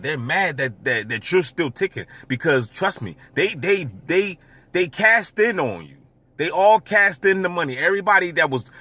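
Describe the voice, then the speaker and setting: A man's voice: on the high side, pushed and bright. A man vlogging in a casual, rambling monologue, with stammering repeats and constant filler asides.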